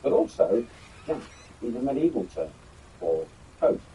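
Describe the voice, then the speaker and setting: A man's voice: medium pitch, very animated, a little slow, dark tone, slight background noise, low-quality recording. An older man hosting a history video, talking casually about an old keepsake with some rambling and filler words. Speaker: YouTube history host. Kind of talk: casual show-and-tell presentation.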